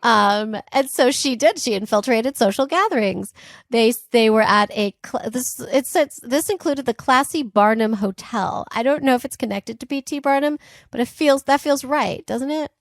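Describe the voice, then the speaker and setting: A woman's voice: fairly high pitch, moderate pace, no room sound, clean studio sound. A woman co-hosting a podcast, retelling a history story in casual, chatty talk with frequent "like" and "um" asides. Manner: chatty and animated, laughs often, asides with "like" and "um". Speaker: podcast co-host.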